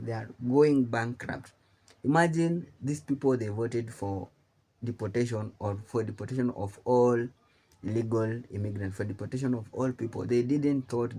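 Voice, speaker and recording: A man's voice: on the low side, dark tone. A man hosting a YouTube reaction channel, talking emphatically with many restarts and repetitions. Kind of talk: reaction commentary.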